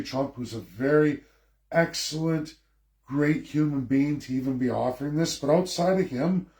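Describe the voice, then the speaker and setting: A man's voice: medium pitch, a little mellow. A man in a mid-range voice rants about politics to his viewers. He lectures and scolds and hammers his points home with repetition. His voice bounces around an echoey room. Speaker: political commentator. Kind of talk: ranting political livestream.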